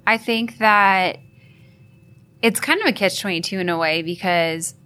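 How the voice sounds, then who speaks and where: A woman guest on a live podcast, talking chattily and lively about her field. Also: mid-range voice. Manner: lively, chatty, quick to laugh. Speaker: marketing guest. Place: expo hall.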